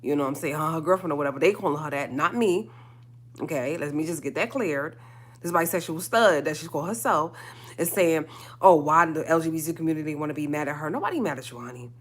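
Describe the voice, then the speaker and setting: Woman going off on a livestream, lowish voice, keeps repeating herself for emphasis, slangy. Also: animated, fast talker. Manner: emphatic, repeating lines for stress, with slangy asides. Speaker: livestream host. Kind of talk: heated solo livestream rant.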